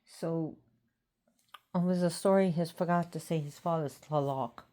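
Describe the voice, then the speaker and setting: A tired woman talking casually about an old god, rambling and pausing to think. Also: low-pitched, steady tone, dark tone. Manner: rambling, unhurried, pauses to think. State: tired, yawning. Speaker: host of a mythology talk. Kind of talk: casual talk to camera.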